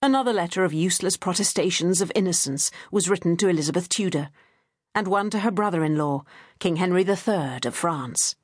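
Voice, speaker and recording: A woman reading an audiobook novel in a measured, even narration. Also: fairly low pitch, breathy edge, no echo, studio quality. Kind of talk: scripted narration.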